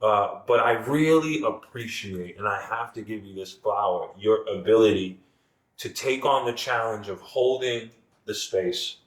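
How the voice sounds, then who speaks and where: A man's voice: lowish voice, a little slow. A man talking as a guest in a casual podcast conversation, earnest and circling back with many restarts. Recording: echoey room.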